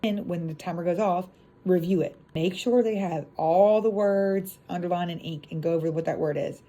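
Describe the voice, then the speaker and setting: Young woman, phonics teacher, animated classroom voice, mellow and a bit breathy. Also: lowish voice, moderate pace. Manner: casual asides to other teachers. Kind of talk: phonics lesson demonstration.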